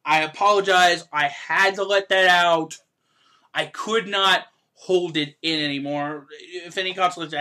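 Bright, lively ranting woman podcaster. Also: on the high side. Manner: animated, exasperated ranting with outbursts. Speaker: podcast host. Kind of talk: casual podcast rant.

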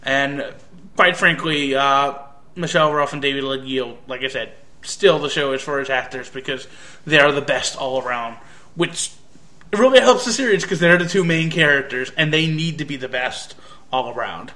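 A man's voice: medium pitch, moderate pace, bright, forceful tone. An American man giving a casual spoken review, hesitant and rambling with frequent restarts. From United States. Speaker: anime reviewer.

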